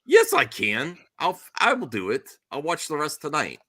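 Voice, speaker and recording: A middle-aged man hosting a casual podcast chat. He tells stories animatedly and slips into high squeals when mimicking others. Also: wildly swooping pitch, moderate pace, sharp tone, husky, dry recording. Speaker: show host.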